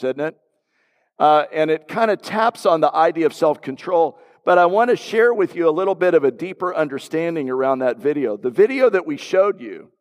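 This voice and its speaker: A middle-aged man, a pastor, preaching a sermon and telling a personal story with asides to the congregation. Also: on the high side. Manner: storytelling, conversational with audience asides. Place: church sanctuary. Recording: long hall reverb.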